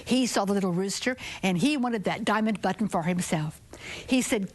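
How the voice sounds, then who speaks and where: A woman storyteller telling a children's folktale with expressive, drawn-out phrasing and sudden whispered asides. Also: mid-range voice.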